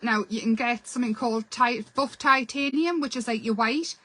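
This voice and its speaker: Chatty and self-deprecating, a woman explains her work as she paints in a casual tutorial for her craft channel. She speaks at a moderate pace in a fairly high, fairly bright voice, though the recording is low in quality.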